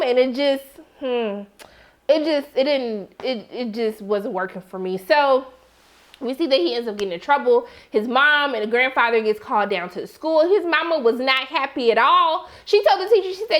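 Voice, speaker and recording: A young woman reviewing a TV episode in a casual, animated chat, jumping into excited exclamations as she reacts. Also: brisk. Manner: animated, expressive, swings into high excited exclamations. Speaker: TV recap reviewer.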